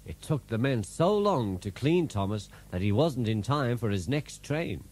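A man narrating a children's storybook in an expressive, animated way, with music behind. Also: medium pitch, measured pace, background noise.

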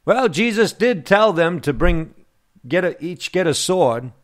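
A man preaching a sermon to his listeners, slow and emphatic, with long pauses. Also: high-pitched, animated. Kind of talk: radio sermon.

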